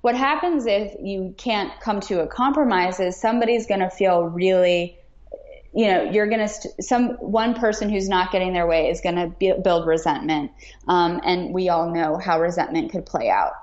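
A woman's voice: lowish voice, moderate pace, darkish tone. A woman guest on a podcast, talking in an earnest, encouraging way. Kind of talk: casual podcast chat. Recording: roomy, dull remote audio.

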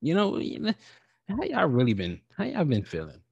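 A man hosting his own podcast in a casual, rambling way, talking with animated feeling and casual swearing. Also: fairly high pitch, normal speed, gravelly, husky, dry recording, dull audio. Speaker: podcast host. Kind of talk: casual solo podcast talk.

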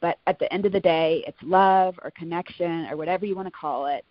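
A woman's voice: on the low side, brisk, no echo, muffled recording. A woman in her thirties, a podcast guest, talking in a heartfelt, chatty way with many "you know"s. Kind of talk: casual interview chat.

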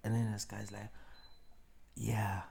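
A man's voice: medium pitch, moderate pace. Young South African man telling a story. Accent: South African, mixing Zulu and English. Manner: animated storyteller, laughs mid-story, drops voice for quoted lines. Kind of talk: casual storytelling chat.

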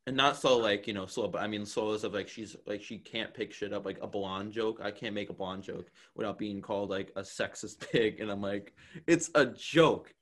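A man's voice: lowish voice, a little fast, few pauses. A young man hosting a podcast in casual chat, telling stories and acting out quotes with lots of laughter. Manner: animated storyteller, acts out quotes with laughter. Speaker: podcast host.

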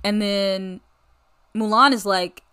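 A woman's voice: medium pitch, fairly even intonation, slow pace, pushed and bright, smooth. A young American woman hosting a podcast, chatting in a rambling, enthusiastic way about a movie. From United States. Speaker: podcast host. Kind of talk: casual solo movie review chat.

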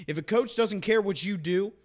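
A man's voice: sits high, moderate pace. A young man hosting a sports podcast, talking with emphatic passion and repeating his points for effect. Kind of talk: casual sports chat.

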